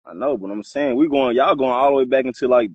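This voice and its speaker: A man's voice: medium pitch, steady tone, fast talker, darkish tone, breathy edge, dry recording. A man calling into a livestream, asking questions in a hesitant way over a dull, dry line. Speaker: caller on a livestream. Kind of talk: casual chat.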